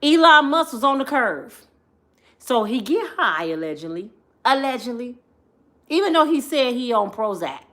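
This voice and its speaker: A woman vlogger telling a comedic storytime in an animated, slangy, joking manner, often laughing. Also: a little high, normal speed.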